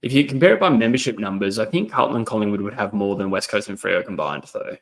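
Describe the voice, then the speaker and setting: An animated young Australian man, voice on the low side and pace quick, runs a casual footy livestream from his laptop indoors. He calls the match and talks with viewers, reading chat aloud and rambling with frequent ums.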